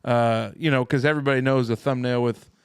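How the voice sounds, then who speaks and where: Podcast host, male, clear voice, dry booth sound, jokey and animated. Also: medium pitch, fairly quick, no echo. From Indiana. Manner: loud, joking, animated. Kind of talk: casual chat. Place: small lounge room.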